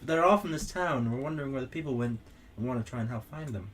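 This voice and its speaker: A woman's voice: rumbling low, expressive, fast talker. A woman playing an earnest adventurer in a put-on British accent, speaking hesitantly.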